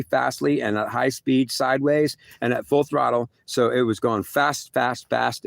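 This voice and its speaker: A man's voice: mid-range voice, gravelly, no room sound. A man telling a rambling first-person story, repeating himself and filling with "like" and "literally.".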